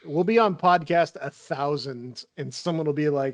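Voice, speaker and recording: Slow talking guy with a higher voice, laid back, laughs a lot, dead dry room. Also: no room sound. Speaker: podcast co-host. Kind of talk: casual chat over drinks.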